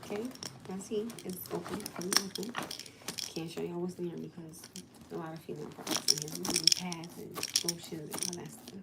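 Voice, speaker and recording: A woman's voice: on the low side, fairly even intonation, fairly quick, vocal fry, heavy background noise. Exasperated woman chatting on a phone livestream. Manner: chatty, exasperated, addresses viewers as y'all. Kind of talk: casual livestream chat.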